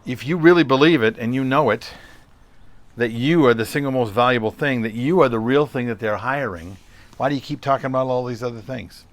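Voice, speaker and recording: A man's voice: medium pitch, a little fast, no echo. A middle-aged man hosting a solo podcast, talking conversationally and telling a story with rhetorical questions. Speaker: podcast host.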